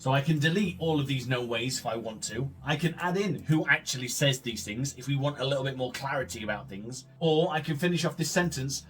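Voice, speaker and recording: A man's voice: on the high side, fairly bright tone. A man hosting a gaming video, reading story text aloud with sweary, sarcastic disbelief. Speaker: gaming host.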